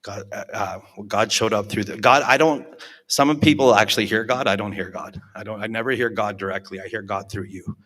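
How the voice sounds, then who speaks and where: A man in his forties, speaking briskly in a fairly low, pushed and bright voice, gives a candid, self-mocking recovery testimony as an alumni speaker. He acts out the people he quotes for a live audience in a reverberant hall.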